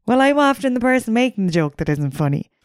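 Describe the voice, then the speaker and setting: Irish female co-host, 30s, smooth and clean voice, dry mic, playful. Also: a little high, sing-song, fast, no room sound. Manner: giggly, teasing. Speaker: podcast co-host. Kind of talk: casual chat.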